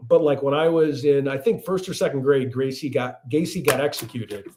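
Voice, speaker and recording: A man in his thirties with a Chicago accent, hosting a relaxed livestream. He talks at a middling pitch and answers viewers' comments as they arrive, often restarting his words mid-thought. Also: moderate pace, background noise. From Chicago area, USA. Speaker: livestream host. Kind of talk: casual livestream chat.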